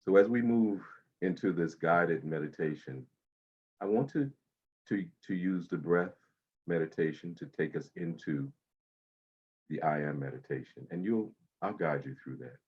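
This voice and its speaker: A man leading a guided breathing meditation, speaking slowly and soothingly with long pauses. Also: low voice, animated, slightly rough, dull audio.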